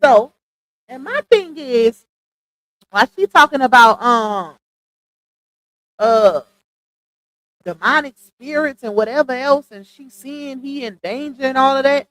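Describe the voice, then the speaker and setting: High-pitched woman on a live, slow chatty commentary, laughs a lot, dry close sound. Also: expressive, fairly bright tone, dry recording, low-quality recording. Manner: chatty, laughs often, reads posts aloud. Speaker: livestream commentator. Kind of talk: casual commentary livestream.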